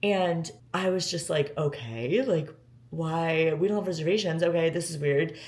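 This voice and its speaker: A woman's voice: sits low, normal speed, a little mellow. A woman in her twenties tells a personal story in a vlog, emotional and near tears, with many filler words. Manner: emotional, gushing, close to tears. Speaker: vlogger.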